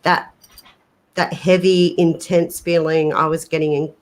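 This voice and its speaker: Slow-talking woman, low voice. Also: level tone. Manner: slow, drawn-out, slips into a put-on English accent. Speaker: co-host of a paranormal livestream. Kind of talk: casual chat. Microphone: laptop webcam.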